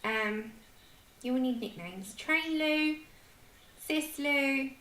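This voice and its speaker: London woman hosting a colouring livestream, chatty and self-deprecating, bright voice, echoey room. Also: high-pitched, expressive, takes it slowly. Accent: London English. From London, England. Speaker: livestream host. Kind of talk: casual chat while colouring. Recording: echoey room with faint noise.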